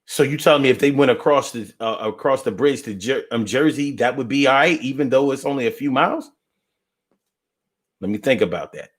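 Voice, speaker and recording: A man hosting a casual live stream, reading viewer comments and answering them in a playful, profane, animated way, swinging between loud outbursts and low mutters. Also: fairly quick.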